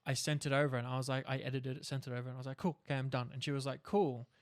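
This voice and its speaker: Young Australian man, gravelly voice, candid, casual storyteller. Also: mid-range voice, level tone, racing. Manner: candid, swears freely, storytelling. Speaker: podcast co-host, actor. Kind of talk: casual conversation.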